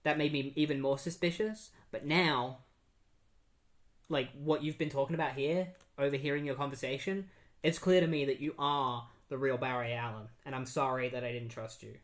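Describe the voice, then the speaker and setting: A podcaster reading the lines of a hot-headed young male superhero, quickly and with exasperation. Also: mid-range voice, steady tone, close to an everyday voice. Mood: apologetic.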